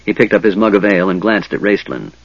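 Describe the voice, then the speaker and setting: A man narrating a fantasy novel in a dramatic, expressive reading. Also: on the low side, quick pace, dry recording, muffled recording. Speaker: audiobook narrator.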